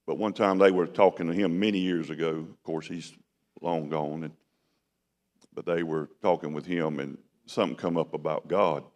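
A man's voice: deep voice, fairly even intonation, moderate pace, a little mellow. A man preaching a sermon in a conversational style that rises to emphatic bursts. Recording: long hall reverb.

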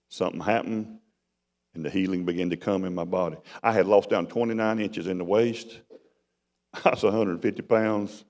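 A middle-aged man preaching a testimony, dramatic and storytelling, his voice swinging from loud to hushed. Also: sits low. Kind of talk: sermon testimony. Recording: long hall reverb.

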